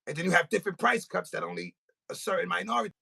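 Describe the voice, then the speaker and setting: A man hosting a podcast and ranting in an animated, comic way. His voice is gravelly and husky with a bright, forceful edge. His pitch swings widely. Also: rapid-fire. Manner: animated, profane, comic storytelling. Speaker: podcast host. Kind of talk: casual podcast rant. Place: studio.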